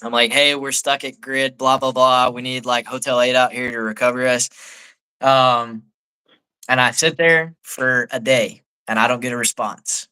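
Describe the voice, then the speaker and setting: Man, staff sergeant guest, casual storytelling, bright tense tone, resonant clear voice. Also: medium pitch, fairly even intonation, moderate pace. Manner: laid-back, peppers speech with "like". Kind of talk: casual storytelling on a live talk show.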